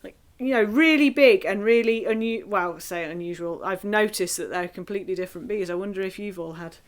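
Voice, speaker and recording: A woman with a mid-range voice briskly leads a singing group through warm-ups. Encouraging and playful, she chants rhythms and vocal sounds for them to follow.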